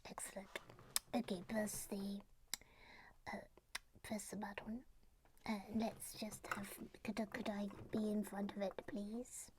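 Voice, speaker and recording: A woman's voice: mid-range voice, flat delivery, a little slow, long pauses, background noise, lightly acted. A woman voicing a small, polite and fussy female toy figure in a chirpy, slightly pompous manner. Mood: hushed.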